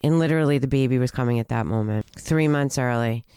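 Smooth-voiced woman telling a personal story. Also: very deep voice, dark tone, dry recording, clean studio sound. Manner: halting, many restarts and fillers, earnest. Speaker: guest telling her recovery story.

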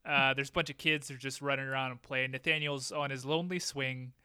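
A man's voice: medium pitch, steady tone, fast talker, pushed and bright, clean tone, dry recording, clean studio sound. A man co-hosting a podcast, joking casually as he recaps an old TV episode. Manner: joking, playful, acts out quotes. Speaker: podcast co-host.

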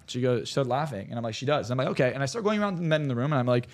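A man, a hypnotherapist on a podcast, telling stories in a rapid, animated and profane way. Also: medium pitch. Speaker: hypnotherapist guest. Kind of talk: casual podcast chat.

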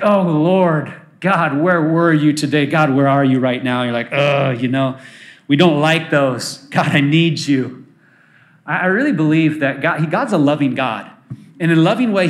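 Animated preacher in an echoey hall. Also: male voice, a little high. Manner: animated storytelling preacher, acting out voices. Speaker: pastor. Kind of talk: sermon. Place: church.

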